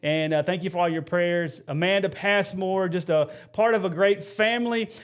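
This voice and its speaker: A man, hosting a live faith stream with earnest, folksy talk and shout-outs to viewers. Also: sits high, normal speed, smooth.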